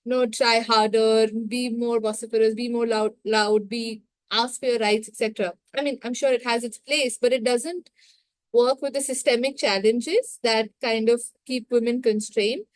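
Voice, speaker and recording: A woman moderating a book club discussion, thoughtful and measured. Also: on the high side, steady tone.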